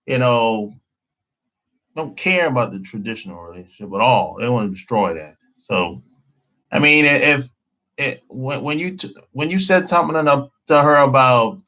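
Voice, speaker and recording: A man's voice: mid-range voice, pushed and bright, rough recording. A man hosting a casual live stream as a dating coach, talking bluntly in slang and repeating himself.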